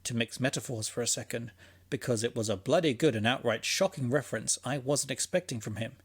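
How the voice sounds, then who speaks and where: A man's voice: mid-range voice, a little fast, breathy edge. A man hosting and narrating a fiction podcast in a scripted, conversational monologue, musing aloud with a dry, sarcastic edge.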